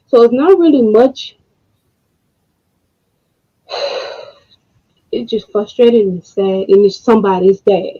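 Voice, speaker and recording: A woman co-hosting an online talk stream, speaking with frustration and halting pauses, close to tears, with blunt profanity. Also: a little high, animated. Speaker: co-host. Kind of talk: emotional commentary. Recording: dull lo-fi home recording.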